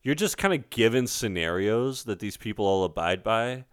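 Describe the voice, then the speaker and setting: A man's voice: on the low side, lively intonation, normal speed, no echo, studio quality. A man in casual movie-review chat, airing exasperated complaints.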